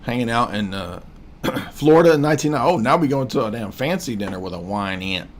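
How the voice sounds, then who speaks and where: A man's voice: medium pitch, expressive, brisk, slight background noise. A man in his forties hosting a livestream, casually mocking what he watches in a rambling, joking way. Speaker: livestream host.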